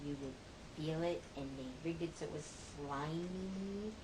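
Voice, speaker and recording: A middle-aged mother tells family anecdotes in a playful, self-mocking way, taking her time over each phrase. Her voice sits a little low. A steady noise runs under the amateur recording. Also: measured pace. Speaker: mother telling family stories. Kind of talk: casual storytelling monologue.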